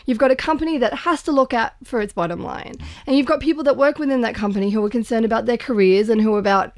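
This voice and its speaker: A woman's voice: a little high, fast, no room sound. Woman, podcast co-host, earnest and thoughtful, dry studio sound. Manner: earnest, thoughtful, with frequent restarts. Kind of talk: casual podcast discussion.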